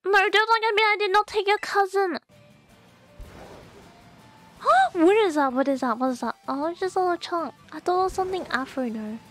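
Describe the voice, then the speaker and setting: A young woman streaming a video game live, chatting to viewers with excitable gasps and squeals. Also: very high voice, fast talker, few pauses, faint music behind. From Australia. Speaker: VTuber streamer. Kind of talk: gameplay live stream chat.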